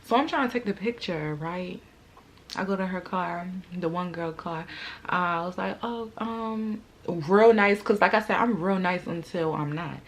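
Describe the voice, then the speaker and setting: Animated young woman telling a story. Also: a little slow. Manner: animated, acts out quoted lines with big jumps in pitch and loudness; slangy, laughs often mid-story. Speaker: vlogger. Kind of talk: storytime, casual chat to camera.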